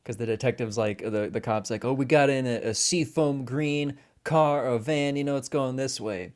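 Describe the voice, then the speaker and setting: A man's voice: medium pitch, normal speed, a little mellow, clean tone. A man co-hosting a film podcast, chatting casually and animatedly, acting out quoted lines and swearing often. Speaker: podcast co-host.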